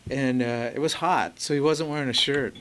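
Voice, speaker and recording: Man, casual storyteller, middle-pitched voice, live meeting talk, noisy old tape. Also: moderate pace. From Los Angeles area. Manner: laid-back storytelling, with many fillers and quoted dialogue. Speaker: recovery meeting speaker. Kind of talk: personal story told to a live audience. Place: meeting hall with a live audience. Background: audience laughter.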